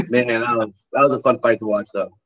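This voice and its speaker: A man's voice: medium pitch, fairly even intonation, fairly quick. A man hosting a casual interview, asking rambling follow-up questions. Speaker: podcast host. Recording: dull lo-fi audio.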